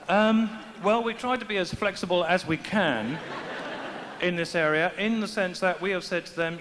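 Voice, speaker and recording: A man's voice: high-pitched, moderate pace, background noise. A middle-aged man giving a dry, self-mocking comic talk to a live audience on a stage microphone. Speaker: comic speaker. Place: large festival venue with audience. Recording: echoey hall, faint ambience.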